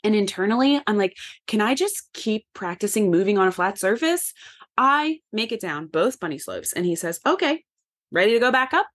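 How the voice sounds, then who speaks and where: A woman podcast host, candidly telling a personal story to her listeners in a lively, conversational way. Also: medium pitch, moderate pace. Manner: animated, candid, addresses listeners as y'all.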